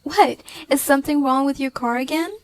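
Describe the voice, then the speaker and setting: A woman doing an anxious young girl on the phone, high voice. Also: brisk, dry recording, lightly acted. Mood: concerned. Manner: anxious, stammering, rising to panicked shouts.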